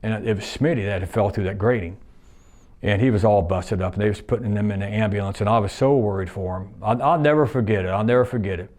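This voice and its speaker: A man's voice: lowish voice, fast talker, darkish tone. A man in his sixties, a retired plant worker, reminiscing in a rambling, folksy way, repeating himself and using nonstandard grammar.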